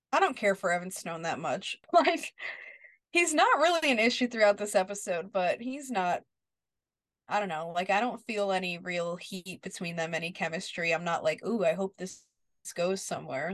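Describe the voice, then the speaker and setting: A woman's voice: medium pitch, lively intonation, moderate pace, no echo. Woman recapping scenes in a dry room. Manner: retells scenes, quoting characters. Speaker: podcast co-host. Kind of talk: casual recap chat.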